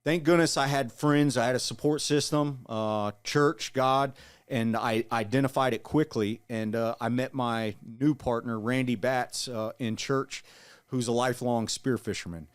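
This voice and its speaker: A man in his forties telling his story in an interview, earnest and halting, with frequent restarts. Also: medium pitch, steady tone, clean tone. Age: 40s. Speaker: guest, Marine veteran.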